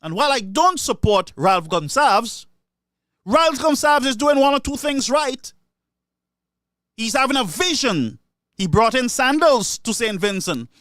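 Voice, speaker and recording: A man's voice: very high voice, animated, unhurried, a bit bright, no room sound, studio quality. A man with a Caribbean English accent delivering an indignant, repetitive political rant as a solo commentator. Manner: indignant, ranting, repeats himself. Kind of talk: solo opinion monologue.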